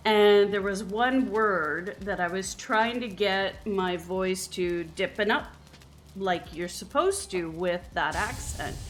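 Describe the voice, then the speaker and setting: Slow, chatty Canadian woman streamer. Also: medium pitch, fairly bright tone, slight background noise. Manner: chatty, laughs often. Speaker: live streamer. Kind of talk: casual chat while streaming a game.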